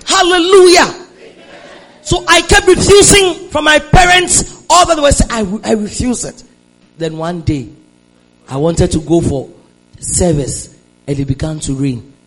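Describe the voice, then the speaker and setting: A Nigerian woman preaching a sermon, moving between hushed storytelling and shouted declarations and calling on the congregation to respond. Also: on the low side, expressive, unhurried, low-quality recording. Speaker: preacher giving a testimony.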